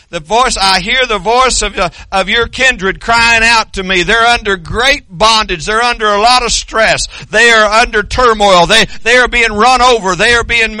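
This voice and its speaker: A man preaching a folksy sermon that climbs into shouted fervor. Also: high-pitched, no room sound, studio quality.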